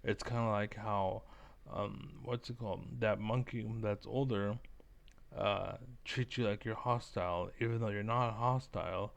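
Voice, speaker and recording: Gravelly-voiced man ranting casually. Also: lowish voice, fairly even intonation, measured pace. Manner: rambling, profane, full of likes and fillers. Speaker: vlogger reacting to clips.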